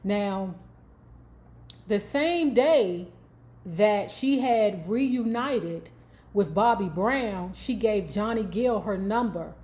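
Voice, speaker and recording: A woman's voice: medium pitch, lively intonation, drawn-out words, a little mellow. Sassy, profane woman dishing book gossip. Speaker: book review vlogger. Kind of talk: casual commentary on a book.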